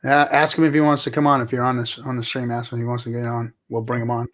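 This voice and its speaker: A man's voice: mid-range voice, level tone, fast talker. A man co-hosting a casual crypto chat show, laid-back and joking, repeating phrases as he talks. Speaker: co-host.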